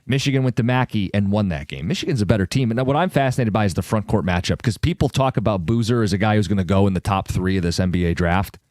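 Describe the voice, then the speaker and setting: A man's voice: fairly low pitch, quick pace, few pauses, a little mellow, no room sound, clean studio sound. A man hosting sports talk radio, confident and opinionated as he argues his picks.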